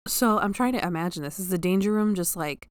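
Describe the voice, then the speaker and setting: A young adult woman playing in a tabletop game, playful and quick to laugh. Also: on the low side, lively intonation, smooth, no echo, clean studio sound. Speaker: player. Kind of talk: casual tabletop play.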